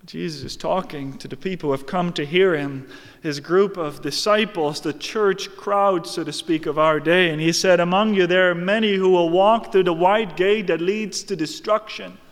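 Man preaching slow, high voice, long echo like a big hall. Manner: slow, emphatic preaching that swings from hushed to raised. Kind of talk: sermon.

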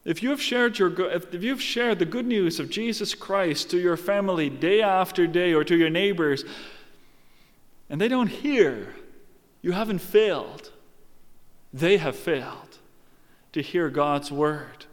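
A male preacher delivers a sermon with emphatic, dramatic storytelling and frequent rhetorical questions. His voice is fairly high. It rings with the long reverb of a large church hall. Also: lively intonation, a little slow.

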